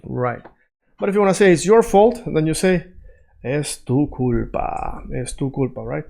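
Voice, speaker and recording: Brief: male language teacher with a slightly high voice, casual and chatty, keeps asking "right?" while drilling phrases. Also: expressive, gravelly, a little mellow. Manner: conversational, checks in often with "right?" and "all right?"; repeats phrases slowly to drill them. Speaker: Spanish teacher. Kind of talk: casual freestyle language lesson.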